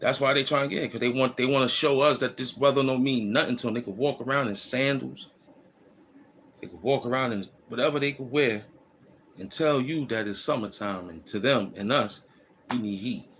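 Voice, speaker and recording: A man's voice: medium pitch, a little fast, a bit bright, slight background noise. A man hosting a casual walking vlog, giving loose, repetitive, slangy street advice. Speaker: host. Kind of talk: rambling streetwise monologue. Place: outdoors in the cold.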